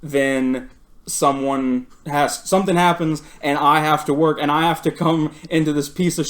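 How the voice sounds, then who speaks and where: A man's voice: fairly high pitch, normal speed. A man on a podcast retelling a workplace blowup, swearing freely and laughing as he goes. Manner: profane, animated, laughs while retelling. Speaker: podcast co-host. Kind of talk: casual storytelling chat.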